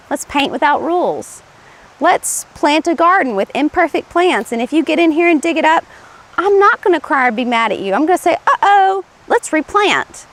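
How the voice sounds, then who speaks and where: Middle-aged lady host, kinda high voice, chatty and earnest, laughs a bit as she talks. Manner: conversational and earnest, with light laughs and restarts. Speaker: TV show host; former play therapist. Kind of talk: casual instructional talk to camera.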